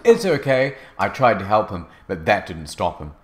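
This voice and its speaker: A man narrating a fanfic as a comedic dramatic reading, in a mock-earnest deadpan. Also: fairly low pitch, moderate pace, slight background noise.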